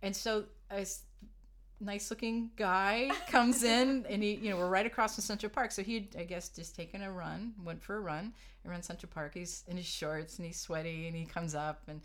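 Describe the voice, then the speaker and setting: A middle-aged woman chats through her stories as an interview guest. She laughs easily and slips into animated quoted voices. Her pitch sits in an ordinary middle range. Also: normal speed. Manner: chatty, laughing often, animated quoting of others. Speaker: guest harpist. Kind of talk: casual interview storytelling.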